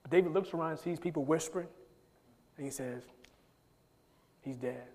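A man preaching a sermon as pastor, emphatic and conversational, often repeating words in quick bursts as he drives a point home. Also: on the high side, darkish tone. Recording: long reverb of a large hall.

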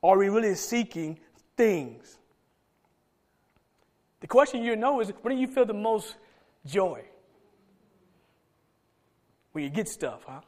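A middle-aged man preaching a sermon, swinging between loud emphatic calls and soft low asides. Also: expressive, takes it slowly, pauses often. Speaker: pastor.

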